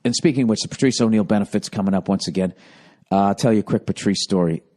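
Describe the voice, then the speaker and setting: A man's voice: on the low side, quick pace. Guy rambling thru a story on his podcast, swearing constantly, doing little voices for everyone. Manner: profane, animated, acts out quoted voices. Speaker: comedian telling stories.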